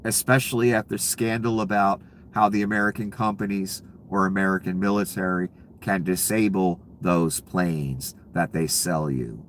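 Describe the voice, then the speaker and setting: A man's voice: lowish voice, fairly even intonation, normal speed, few pauses, fairly bright tone, slight background noise. A man ranting about politics, heated and sarcastic, with frequent profanity. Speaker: political commentator. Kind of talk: angry political rant.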